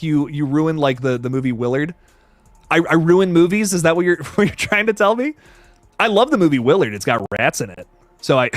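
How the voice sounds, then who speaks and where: A young man talks through a livestream with excitable, profane energy, reading out viewer comments and reacting on the fly. His voice sits a little high and swings widely in pitch. The sound is dry and close, with no room around it. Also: no room sound. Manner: excitable, profane, reads chat comments aloud. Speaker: horror movie reviewer on livestream. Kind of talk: casual livestream chat.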